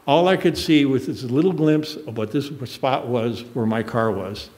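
Older man, preacher, sermon, earnest, emotional, medium pitch. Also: moderate pace, a little mellow. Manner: emotional, earnest, choked up at moments. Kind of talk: sermon storytelling.

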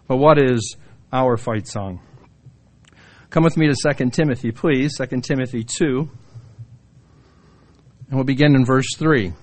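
A middle-aged male pastor preaching a sermon in a church, telling humorous stories and jumping into the voices of the people in them. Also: medium pitch. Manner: storytelling, acts out quoted voices.

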